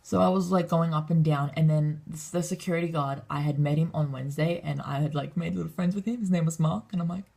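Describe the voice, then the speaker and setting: Low-voiced young woman, raspy. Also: quick pace, few pauses, dark tone. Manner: rambling, swears a lot, acts out quotes. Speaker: vlogger. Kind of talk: casual storytelling vlog.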